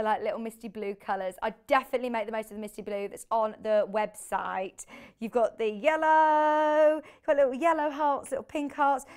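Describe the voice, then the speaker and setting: Her smooth, slightly high voice carries a live shopping-channel broadcast from a TV studio, where she chats bubbly and laughs easily while talking viewers through products.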